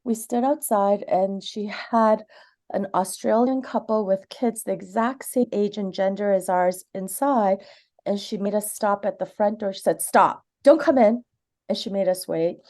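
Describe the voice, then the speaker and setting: Earnest mellow-voiced woman telling her story. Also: medium pitch, fairly even intonation, moderate pace. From Canada. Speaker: community member giving public comment. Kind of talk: personal testimony.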